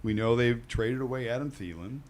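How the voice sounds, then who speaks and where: A man co-hosting a sports radio show, making football picks in casual, upbeat banter. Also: medium pitch. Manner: lively, upbeat, quick-firing picks. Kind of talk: casual sports betting chat.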